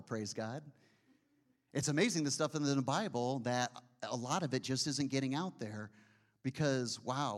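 A man preaches a sermon conversationally in a mid-range voice. He often puts questions to his listeners and slows to a hush on key phrases.

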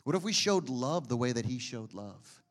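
A man preaching a sermon in a conversational way, often asking his listeners questions and slowing to a hush on key phrases. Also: medium pitch, very animated.

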